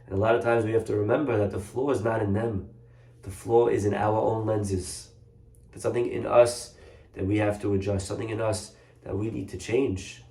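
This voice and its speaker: A man giving a Torah class as a rabbi, earnest and animated, telling stories with acted voices. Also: fairly low pitch, fairly quick, vocal fry, roomy sound.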